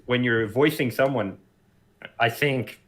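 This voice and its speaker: A man's voice: mid-range voice, takes it slowly. A man co-hosting a podcast, rambling casually with many fillers. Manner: rambling, lots of "like" and "uh". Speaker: co-host.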